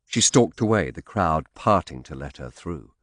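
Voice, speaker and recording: A man narrating an audiobook in first person with expressive, dramatic storytelling. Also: rumbling low, moderate pace, no echo, studio quality.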